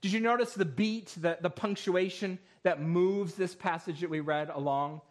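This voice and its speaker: High-voiced man preaching a sermon. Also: moderate pace. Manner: reads scripture aloud with rising force, then explains in a calmer voice. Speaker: pastor. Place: church sanctuary.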